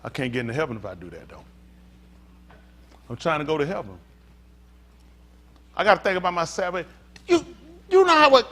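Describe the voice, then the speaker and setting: A man preaching a sermon as pastor, swinging from hushed talk to shouting. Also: on the high side, very animated, fairly quick, pauses often.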